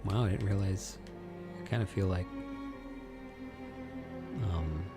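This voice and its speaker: A man's voice: low-pitched, unhurried, pauses often. A man giving casual, chatty commentary while playing a video game and reading out menus as he goes. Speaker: let's play host. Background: game music.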